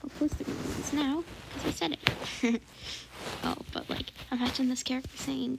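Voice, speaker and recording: A woman casually narrating her drawing process, hesitant with many fillers and often dropping to a soft whisper. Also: high voice, fairly even intonation, normal speed, vocal fry, very noisy. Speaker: drawing channel host.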